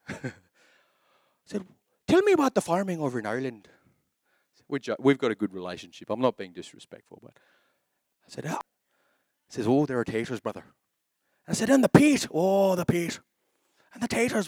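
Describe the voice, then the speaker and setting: A middle-aged man preaching a sermon as a pastor, animated, repeating key phrases and acting out little asides. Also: fairly high pitch, no echo, clean studio sound.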